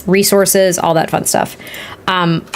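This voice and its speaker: A woman's voice: lowish voice, little pitch movement, takes it slowly. Chatty woman with a Boston accent. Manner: chatty, frank, thinks out loud. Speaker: Sims builder streamer. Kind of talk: casual gaming commentary while building.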